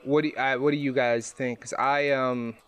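A man of middle pitch joins a tabletop game as a player. He rambles and hesitates, circling back over his words. The talk is loose, casual game chat. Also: little pitch movement, moderate pace, a bit bright, clear, resonant tone, faint music behind. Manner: rambling, hesitant, lots of fillers and restarts.

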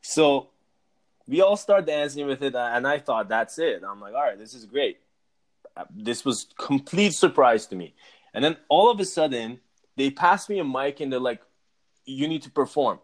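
Animated man telling a story. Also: mid-range voice, normal speed. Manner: animated, acts out his own past reactions. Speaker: guest, musician. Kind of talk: casual storytelling interview.

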